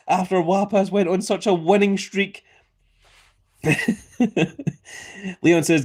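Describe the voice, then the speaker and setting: A livestream host calls a giveaway in a playful wrestling-announcer style and reads chat messages aloud. His fairly high voice holds a steady tone and runs a little slow.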